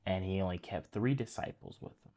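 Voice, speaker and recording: Speaking briskly in a low, mellow voice, a preacher delivers a relaxed, conversational sermon. He retells a story straight to his listeners, addressing them as "guys" and restarting phrases along the way.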